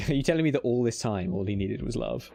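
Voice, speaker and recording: A British man streaming a game live. He cheers loudly at times, mutters under his breath at others, swears casually and talks to himself. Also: medium pitch, a little fast, creaky. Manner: excitable, swings between loud cheering and muttered whispers. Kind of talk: live gameplay commentary.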